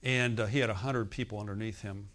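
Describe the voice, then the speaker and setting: A pastor in his sixties giving a sermon, telling a scripture story with animated acted-out dialogue and dropping into quiet, confiding asides. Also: quick pace. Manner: animated storytelling, acting out quoted dialogue with rising pitch and volume. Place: church.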